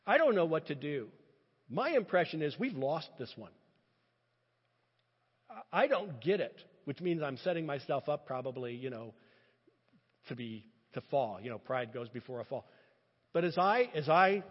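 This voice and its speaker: A man preaching a sermon in an impassioned, animated way, often restarting his phrases. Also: a little high, normal speed. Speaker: pastor. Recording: muffled sound with long reverb.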